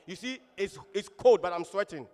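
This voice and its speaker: A man preaching a sermon with a high, strongly rising and falling voice. He speaks in an animated, exclamatory way. His voice rings out through a church hall with a long echo. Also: moderate pace. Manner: animated, exclamatory, repeats hallelujah.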